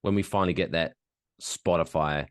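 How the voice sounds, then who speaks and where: A man's voice: sits low, moderate pace, smooth, dry recording. A man co-hosting a podcast, joking and swearing in casual banter into a close mic. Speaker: podcast co-host.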